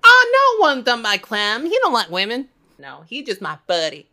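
A woman voicing a brash old woman trucker who shouts and exclaims in disbelief. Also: on the high side, wildly swooping pitch, moderate pace, pitched above the performer's own voice, heavily acted. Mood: bawdy.

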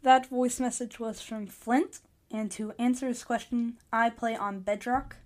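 A woman hosting a story podcast, reading short stories aloud in a steady, expressive way. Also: fairly high pitch, measured pace, a little hiss or hum. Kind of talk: story narration.

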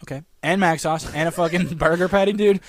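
A man's voice: a little high, fairly quick, a loud crowd. A young man co-hosting a comedy podcast, cracking crude jokes in casual banter. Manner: joking, crude wordplay. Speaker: podcast co-host.

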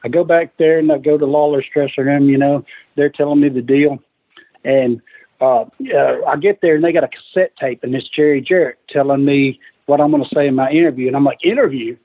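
A man's voice: mid-range voice, steady tone, a little fast. A man guest telling wrestling stories casually, acting out the quoted lines as he goes. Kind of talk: casual storytelling. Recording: tinny phone-like line.

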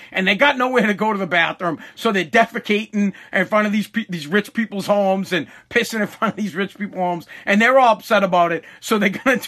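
A podcast host with a high, bright, forceful voice rambles through casual storytelling chat, swearing and laughing often.

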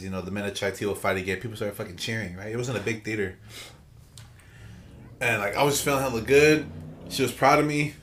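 A man's voice: fairly low pitch, a bit bright, a little hiss or hum. A man, co-hosting a podcast and telling a loose, profane story among friends. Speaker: podcast co-host. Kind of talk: casual chat, storytelling. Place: room with friends.

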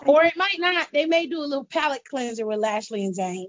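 Woman, podcast co-host, high voice that swings a lot, lively, keeps things moving. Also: a little fast, highs cut off. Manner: lively, moves the show along. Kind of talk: casual chat.

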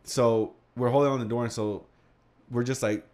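A young man telling a story casually among friends, animated and swearing, acting out the quotes. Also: mid-range voice, moderate pace.

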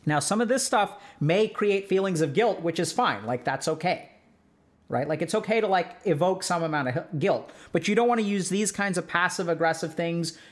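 A high-voiced male podcast host offers relationship advice at normal speed in a relaxed, conversational style. He keeps checking in with "like" and "right?" and performs example exchanges.

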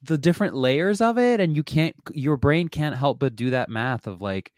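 A man's voice: fairly high pitch, expressive, normal speed, a little mellow, no echo, clean studio sound. A man co-hosting a podcast, chatting casually about an episode, laughing often and restarting his sentences. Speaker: podcast co-host. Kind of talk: casual recap chat.

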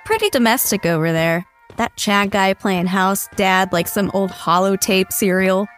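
An actress playing a sardonic, cocky young wasteland drifter in an audio drama. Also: female voice, medium pitch, a little slow, faint music behind, natural voice.

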